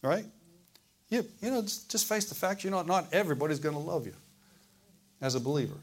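A man preaching a sermon in a church service, asking the congregation questions and swinging between loud and hushed delivery. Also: fairly high pitch, animated, fairly quick. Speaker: pastor.

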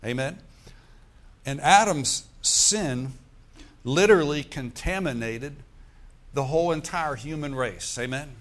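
A man preaching a sermon, slowing down to stress key words and asking the congregation "Amen?" between points. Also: fairly high pitch, fairly bright tone. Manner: preacher's call-and-response with "Amen?" and "Praise the Lord". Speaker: pastor.

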